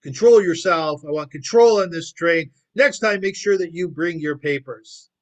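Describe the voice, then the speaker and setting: A man's voice: on the high side, normal speed, pitched above the performer's own voice, lightly acted. A man voicing a stern male officer who gives curt orders to keep control. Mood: commanding.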